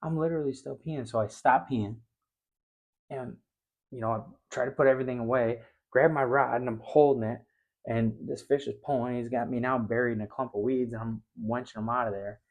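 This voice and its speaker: This middle-aged fishing show host tells a story casually, talking a little fast. When excitement hits, his voice gets loud and high-pitched.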